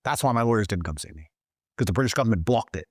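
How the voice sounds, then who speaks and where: A man telling a story as an interview guest, swearing constantly and talking with animated, emphatic energy, his voice jumping higher when he gets excited. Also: racing, no room sound, studio quality. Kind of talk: profane storytelling in conversation.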